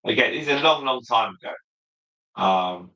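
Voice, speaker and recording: A man hosting a relaxed livestream, chatting as he reads viewer comments aloud and answers them one by one. His voice is very bright and sharp-edged, and it rings in an echoey room. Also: mid-range voice, unhurried, lo-fi sound. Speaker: livestream host. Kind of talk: casual livestream chat.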